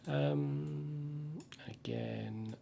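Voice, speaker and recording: A man's voice: fairly high pitch, fairly even intonation, extremely slow, creaky, very noisy. A man hosting a music tutorial, thinking aloud and humming melodies as he works. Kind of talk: casual screen-recorded tutorial. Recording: loud music under voice.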